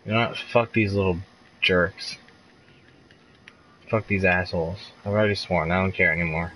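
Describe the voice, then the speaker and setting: A man's voice: low voice, steady tone, moderate pace, a bit bright, slight background noise, low-quality recording. Frustrated young male gamer streaming. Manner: frustrated, swearing, laughing outbursts. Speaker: live streamer. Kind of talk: casual gameplay commentary.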